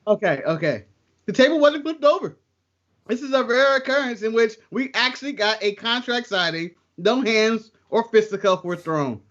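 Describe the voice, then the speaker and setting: A man's voice: sits high, animated, moderate pace, hardly any pauses, a bit bright, lo-fi sound. A man co-hosting a casual wrestling podcast, joking around and laughing often. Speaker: podcast co-host.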